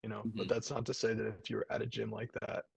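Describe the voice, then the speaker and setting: A man's voice: lowish voice, steady tone, fast talker, creaky, husky, no echo. A man, a jiu-jitsu brown belt, chatting casually over a video call, rambling with lots of fillers and restarts.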